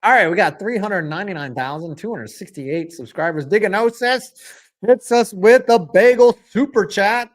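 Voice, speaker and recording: Excitable man reacting to a football game live. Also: high voice, moderate pace. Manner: excitable, rambling, swings between loud outbursts and mumbles. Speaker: sports streamer.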